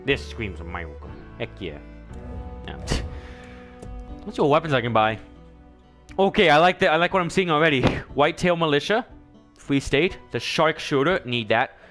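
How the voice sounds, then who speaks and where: A young man giving let's-play commentary, excitable and joking, often yelling and reacting loudly. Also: on the high side, moderate pace, long pauses, faint music behind. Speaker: gaming YouTuber.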